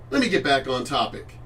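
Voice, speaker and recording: A man's voice: medium pitch, fairly bright tone, distant mic, slight background noise. Blunt, cursing man ranting on a livestream. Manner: blunt, profane and heated. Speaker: vlogger. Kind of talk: ranting live-stream monologue.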